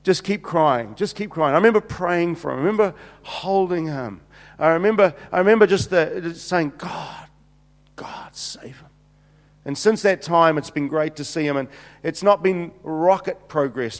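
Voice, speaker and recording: Middle-aged preacher in an echoing hall. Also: male voice, a little high, moderate pace. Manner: animated, acts out the dialogue, repeats himself. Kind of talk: sermon storytelling. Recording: long hall reverb.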